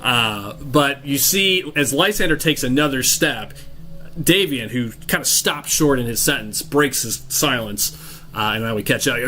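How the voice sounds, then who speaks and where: A man's voice: mid-range voice, lively intonation, bright, forceful tone, a little hiss or hum. A man running a tabletop role-playing game, narrating scenes with frequent restarts and fillers. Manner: halting, many restarts and fillers. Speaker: game master.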